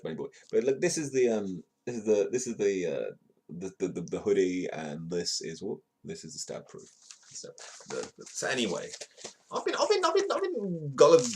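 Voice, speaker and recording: A livestream host with a lowish, darkish, husky voice reads news headlines aloud in a playful, casual manner. Between stories he greets viewers in the chat and throws in jokey asides.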